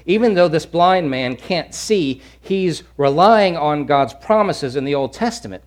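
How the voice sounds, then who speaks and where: A man from Louisiana preaching a sermon, animated and emphatic, with lots of repetition. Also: fairly high pitch, unhurried, hardly any pauses. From Louisiana, USA.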